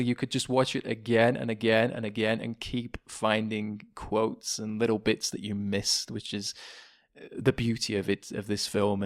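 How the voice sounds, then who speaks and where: An English man co-hosting a podcast, chatting casually, laughing often and quoting lines in comic voices. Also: fairly low pitch. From England. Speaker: podcast co-host. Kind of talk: casual chat.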